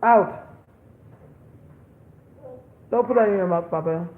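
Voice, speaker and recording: In a home kitchen, a young woman chats with her parent for a casual vlog, loose and profane and full of "like." Her mid-range voice is expressive and slow, with long pauses and a little background noise. The audio sounds tinny and phone-like, echoing around the room.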